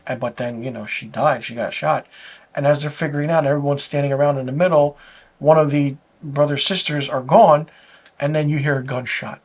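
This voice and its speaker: A man's voice: on the high side, fairly even intonation, fairly quick. A man reviewing a TV episode, retelling the plot in a loose, rambling way with restarts and little chuckles. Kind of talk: casual plot recap.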